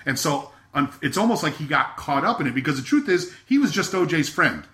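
A man's voice: fairly high pitch, big pitch swings, a little fast, fairly bright tone. A man chatting casually, filling in background for listeners with many fillers and asides. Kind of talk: casual podcast chat.

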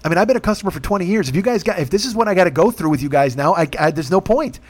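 A man's voice: sits high, expressive, racing. A man telling a profane, comic story as a rant, acting out the people he quotes in put-on voices. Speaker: podcast host.

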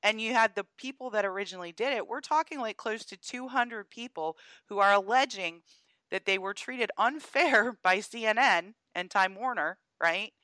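A woman from Georgia co-hosting a podcast, chatting about the news in an animated way and laughing as she talks. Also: medium pitch, normal speed, dry recording. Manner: animated, laughs while talking. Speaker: podcast co-host. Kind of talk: casual political chat.

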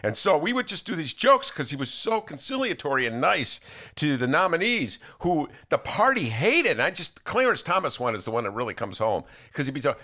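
Jokey guy hosting a talk show, voice jumps all over, bright sound. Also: a little high, brisk. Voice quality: animated, jokey, slips into impressions. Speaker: radio show host. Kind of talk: casual on-air banter.

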